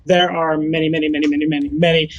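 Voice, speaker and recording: A man's voice: on the high side, little pitch movement, fast, dull audio. Chatty man running a game. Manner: chatty, laughs easily. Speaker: game master. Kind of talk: casual group discussion.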